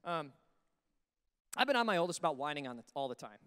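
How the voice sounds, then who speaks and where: A man preaching a sermon as pastor in an animated way, breaking into acted asides. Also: on the high side, fast, smooth, big-room sound. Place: church sanctuary.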